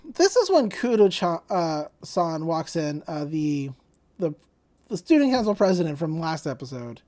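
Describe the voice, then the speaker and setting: A woman co-hosting a podcast, casually recapping an anime episode in a lively way, often laughing and acting out the characters' lines. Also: low voice, normal speed. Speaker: podcast co-host.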